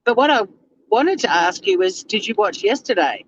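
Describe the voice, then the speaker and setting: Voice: medium pitch, very animated, normal speed, a bit bright, slight background noise. Chatty streamer, dull lo-fi sound. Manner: chatty, swears freely, laughs often. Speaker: livestream host reading chat. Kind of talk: casual live chat.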